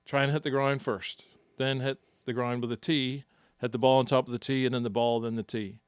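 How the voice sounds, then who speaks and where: A man who co-hosts a podcast and coaches golf, explaining his drill step by step in a relaxed chat. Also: mid-range voice, fairly quick, clear, resonant tone, dry recording, clean studio sound.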